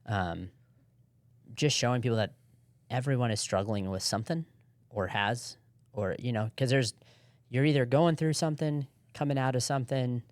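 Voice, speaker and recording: A young man co-hosting a podcast, telling stories in a relaxed, rambling way. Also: medium pitch, moderate pace, long pauses, no echo. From Southern California. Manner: relaxed, rambling storytelling with laughs. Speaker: podcast co-host. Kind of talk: casual chat.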